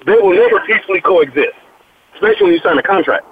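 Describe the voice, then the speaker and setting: Man with a high, bouncing voice and punchy one-liners that he laughs at himself. He banters through a casual sports chat. The sound is thin and narrow, like a phone line. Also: animated, rapid-fire, slightly rough, no room sound. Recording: phone-like lo-fi audio.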